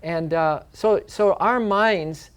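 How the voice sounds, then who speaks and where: A man's voice: sits high, slow pace, smooth. A man co-host giving a spiritual talk, reflective and repeating key phrases for emphasis. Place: yoga studio.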